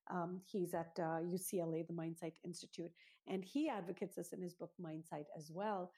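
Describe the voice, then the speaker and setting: A woman's voice: lowish voice, fairly even intonation, moderate pace, dark tone, slightly rough. A woman, a parenting author being interviewed, explaining ideas in an earnest, teacherly way, setting them out step by step. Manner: earnest, teacherly, lays out steps.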